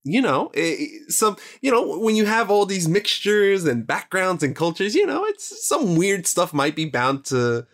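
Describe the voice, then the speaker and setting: A man co-hosting a podcast, talking through ideas in casual conversation and pausing to search for his words. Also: sits high, big pitch swings, a bit bright. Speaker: podcast co-host.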